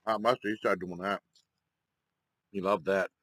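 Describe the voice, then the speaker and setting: A man talking casually to his viewers in a rambling, halting way with many fillers while eating. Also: sits low, little pitch movement, a bit bright, a little hiss or hum, poor audio. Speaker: mukbang vlogger.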